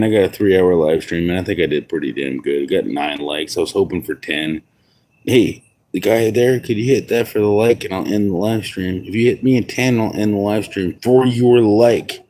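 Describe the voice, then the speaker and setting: A man's voice: sits low, a little mellow, slight background noise. A tipsy man rambling and swearing through a casual livestream outdoors at home, chuckling to himself. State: intoxicated.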